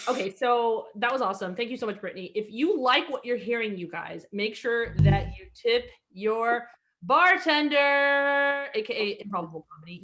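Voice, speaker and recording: A woman's voice: mid-range voice, fairly bright tone. A woman born in Egypt, hosting an online comedy show over a video call, telling rambling stories with many fillers and restarts. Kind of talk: stand-up storytelling between acts.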